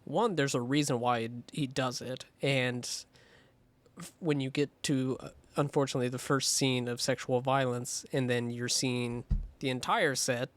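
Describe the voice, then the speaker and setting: A man's voice: medium pitch, fairly even intonation, normal speed, no room sound. A man co-hosting a film podcast in a casual, rambling way, swearing freely and circling his points with plenty of ums. His voice sits in a middling register and comes across dry and close to the mic. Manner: loose, profane, rambling with many fillers. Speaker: podcast co-host.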